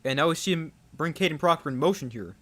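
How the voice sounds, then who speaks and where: A young man giving live play-by-play commentary on a football game, growing excited on big plays. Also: on the high side, fast. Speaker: play-by-play streamer.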